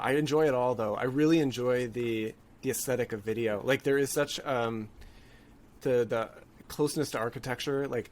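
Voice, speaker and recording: A man being interviewed as a guest on a podcast, talking in a thoughtful, halting way with frequent restarts. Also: mid-range voice. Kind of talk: casual interview chat.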